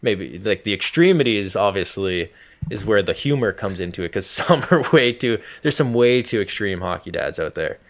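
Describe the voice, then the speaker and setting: Low-voiced young man rambling casually. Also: lively intonation, moderate pace. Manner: rambling, lots of "like" fillers. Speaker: podcast co-host. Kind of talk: casual podcast chat.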